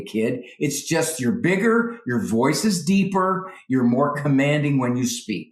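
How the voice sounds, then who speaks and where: An expressive man whose pitch leaps around as he talks, a psychologist guest handing out firm parenting advice. He slips into the voices of parents and children to make his points. His voice rings in a roomy studio. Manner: acts out parents and kids in quick voices. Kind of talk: animated advice talk.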